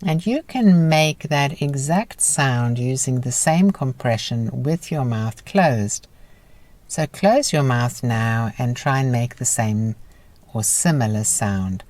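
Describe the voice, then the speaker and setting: A woman teaching a guided breathing lesson in a calm, encouraging, instructive manner. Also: extremely low pitch, slow pace, no room sound.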